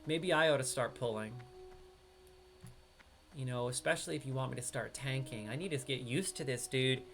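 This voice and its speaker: Bright-voiced streamer from upstate New York. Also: male voice, mid-range voice, normal speed. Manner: excitable, slangy banter with a teammate. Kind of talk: live gameplay commentary.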